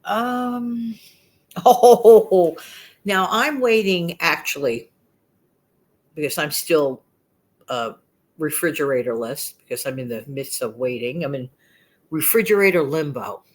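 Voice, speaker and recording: A woman's voice: low voice, slow, pauses often. A woman in her sixties with a New York accent, chatting to camera in a rambling, emphatic way as a frugal living vlogger. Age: 60s. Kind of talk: casual chat to camera.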